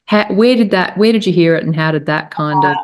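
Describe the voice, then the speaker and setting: A woman's voice: fairly low pitch, a little fast. A woman hosting a conversational podcast interview, asking questions in an encouraging way. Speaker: podcast host.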